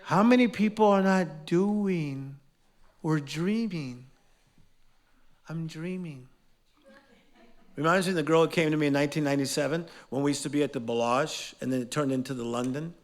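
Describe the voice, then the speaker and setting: High-voiced man leading a lively class. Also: moderate pace, long pauses. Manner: energetic, playful, quizzes the audience. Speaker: motivational teacher. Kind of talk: live motivational class with call-and-response. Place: class in front of a live audience.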